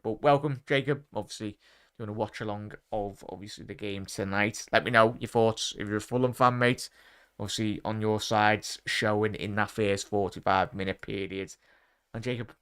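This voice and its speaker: A man's voice: on the low side, a bit bright, clear, resonant tone. Chatty man hosting a football watchalong. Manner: chatty, addresses chat and viewers by name, lots of fillers. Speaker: watchalong host. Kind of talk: casual live-stream chat.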